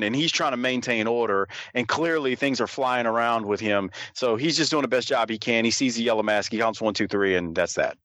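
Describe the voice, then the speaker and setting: A man's voice: medium pitch, a bit bright, no room sound, studio quality. A man co-hosting a wrestling podcast, talking in a rambling, casual way with frequent restarts. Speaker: wrestling review podcast co-host. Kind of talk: casual chat.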